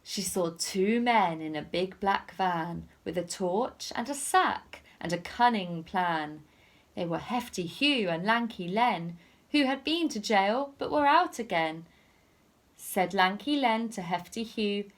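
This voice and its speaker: A woman's voice: mid-range voice, lively intonation, measured pace. A woman teacher reading a picture book aloud to children in a sing-song storytelling manner.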